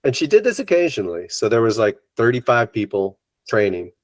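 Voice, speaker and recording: A middle-aged man, a yoga teacher, telling a personal story in an interview in an animated way and acting out what others said. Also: mid-range voice, brisk, no room sound.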